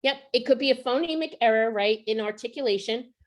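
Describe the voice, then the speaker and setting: A woman's voice: on the high side, fairly quick. Woman giving a teacher training talk. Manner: explanatory, checks in with rhetorical "right?". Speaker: literacy trainer presenting to teachers. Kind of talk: professional development presentation.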